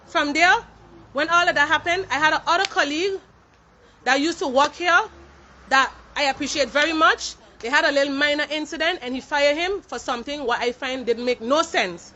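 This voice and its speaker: At a moderate pace, a warehouse employee with a high, pushed and bright voice protests emphatically and indignantly to camera, sliding into French in the middle of sentences. The audio is dull, with a bit of hiss or hum.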